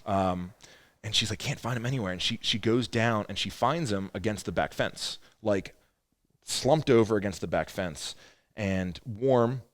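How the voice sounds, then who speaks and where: Podcast host, male, slightly deep, animated storyteller who swears, dry studio mic. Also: a little slow, no echo. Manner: animated storyteller, gets loud acting out quotes; swears freely. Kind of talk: casual conversational storytelling.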